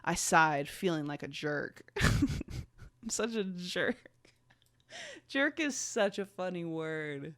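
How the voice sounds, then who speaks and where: A woman's voice: on the low side, expressive, slow, long pauses, a bit bright, dry recording. A young woman hosting a podcast, reading her own fanfiction aloud with sarcastic commentary, swearing often and laughing at herself. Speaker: podcast host.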